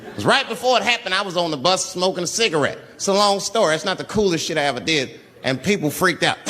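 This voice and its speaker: A man's voice: sits high, lively intonation, quick pace, bright, forceful tone. A man doing stand-up, telling a profane story with lots of acted-out voices. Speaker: stand-up comedian.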